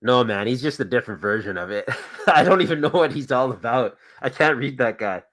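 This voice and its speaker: A man's voice: mid-range voice, expressive, brisk, a bit bright. A man hosting a casual show, chatting about toys and films in an easygoing, rambling way. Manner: easygoing, rambling, thinks aloud. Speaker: podcast host.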